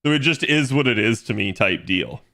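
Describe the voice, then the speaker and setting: A man's voice: medium pitch, expressive, normal speed, bright, forceful tone. A young man streaming from home, chatting casually with his viewers in a rambling way full of fillers. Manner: rambling, filler-heavy, reads chat aloud.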